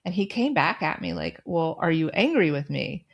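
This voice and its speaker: A middle-aged woman hosting a podcast, telling a personal story and giving advice in a calm, firm, direct way. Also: low voice, moderate pace, vocal fry, husky, lo-fi sound. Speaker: podcast host.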